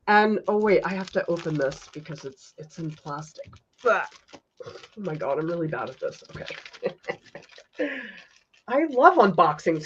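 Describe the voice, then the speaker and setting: A woman art teacher hosting a casual livestream, gushing with excited exclamations. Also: medium pitch, breathy edge, dull audio.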